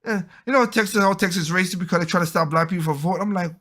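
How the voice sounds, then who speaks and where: A man on a podcast speaks in a bright, forward voice that sits a little high. He rambles through his opinions in a casual, loose monologue. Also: fast talker, few pauses. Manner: rambling, opinionated, acts out quoted people. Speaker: podcast host.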